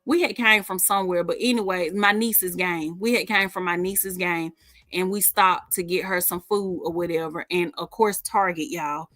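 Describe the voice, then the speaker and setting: Bright, sassy woman. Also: lowish voice, steady tone, normal speed, dry recording. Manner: sassy, storytelling, reads viewer comments aloud. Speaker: livestream host. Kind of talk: casual livestream chat.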